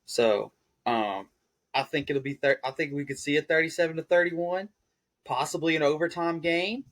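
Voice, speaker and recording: Excitable man hosting sports talk. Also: on the high side, moderate pace. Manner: excitable, prods co-hosts for picks. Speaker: podcast host. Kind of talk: casual sports chat.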